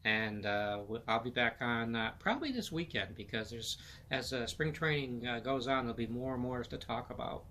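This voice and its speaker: Middle-aged male podcast host, bright, forward voice, loose rambling delivery, faint hiss behind. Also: medium pitch, lively intonation, moderate pace. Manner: rambling, filler-heavy, repeats words. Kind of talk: casual solo sports chat.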